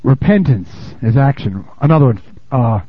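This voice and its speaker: A man preaching a sermon in a lively, conversational way, laughing and calling out "amen?" to the congregation, on a dull, lo-fi recording. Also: medium pitch, normal speed, breathy edge, no room sound. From United States. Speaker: pastor.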